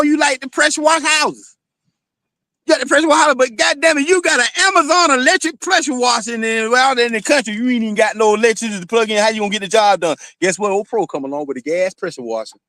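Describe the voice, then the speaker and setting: A man's voice: very high voice, fairly bright tone, no echo. A man from Florida, hosting his own stream in a rambling, cussing monologue full of "you know"s. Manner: rambling, swears often, many "you know"s. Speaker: streaming show host. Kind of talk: casual monologue.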